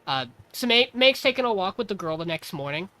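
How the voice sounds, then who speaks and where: Man, podcast host, animated recap, bright voice. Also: sits high, fairly quick. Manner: animated, acts out character lines. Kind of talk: casual chat recapping an anime episode.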